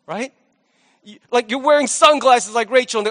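A male pastor preaching a sermon in a lively, conversational way with jokey asides, in a large church hall. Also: very high voice, normal speed. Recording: long hall reverb.

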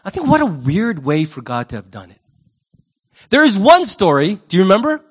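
A male pastor delivering a lively sermon, his voice sitting high for a man. He keeps it conversational and humorous, asking the congregation questions and slipping into quick character voices. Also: breathy edge. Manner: conversational, asks the audience questions.

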